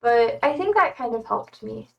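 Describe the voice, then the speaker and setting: A woman's voice: on the high side, animated, normal speed, gravelly, recorded from a distance, lo-fi sound. A young woman streamer chatting casually in a rambling way with many fillers. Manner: rambling, many fillers, talking to her cats. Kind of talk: casual chat.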